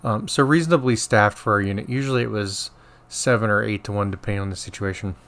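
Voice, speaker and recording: A middle-aged former nurse who co-hosts a podcast tells a work story in casual conversation, rambling, restarting, and quoting people animatedly. His voice is fairly low and he talks fast.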